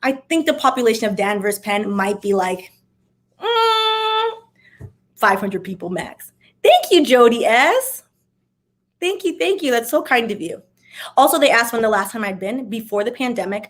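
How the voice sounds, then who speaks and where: A young woman from Miami, chatting casually as she answers viewer questions, with sassy, wry asides. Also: on the high side. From Miami, USA. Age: young adult. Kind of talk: casual Q&A chat.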